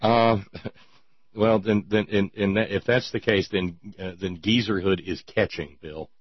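A man's voice: on the low side, fairly even intonation, unhurried, husky, no room sound. An older man hosting a radio talk show, with a dry, wry and thoughtful manner. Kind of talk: casual radio chat. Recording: dull dry radio audio.

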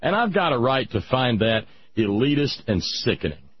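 A man's voice: mid-range voice, very animated, moderate pace, husky, no room sound, highs cut off. A man hosting a talk show, delivering a sarcastic, opinionated monologue. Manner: sarcastic, ranting, mocking voices.

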